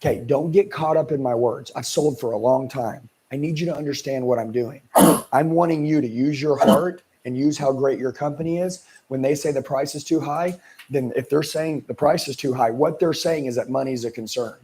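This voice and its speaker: Male sales coach, dark husky voice, hard-driving and emphatic. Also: mid-range voice, normal speed. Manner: intense, emphatic, blunt coaching. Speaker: sales trainer. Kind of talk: live sales coaching seminar.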